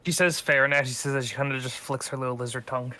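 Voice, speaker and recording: A man's voice: medium pitch, fairly even intonation, racing, sharp tone. A man, a player in a tabletop game, chatting casually and describing his character's actions.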